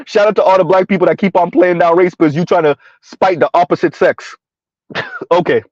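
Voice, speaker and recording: A man's voice: high voice, fairly quick, darkish tone, no echo. A man live-streaming commentary and reading chat comments, blunt and mocking, laughing often. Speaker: online commentator. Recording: dull lo-fi dry sound.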